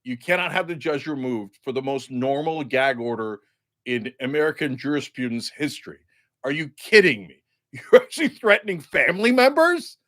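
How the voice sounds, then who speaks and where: A man's voice: medium pitch, expressive, moderate pace, a bit bright, voice pushed down, close to an everyday voice. A man voicing an exasperated female judge scolding in disbelief. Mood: incredulous. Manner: incredulous, scolding.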